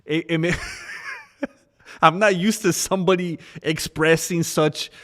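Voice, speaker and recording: A man's voice: on the high side, steady tone, measured pace. A man chatting casually on a live stream, rambling about fighting and snacks, laughing often and answering his chat.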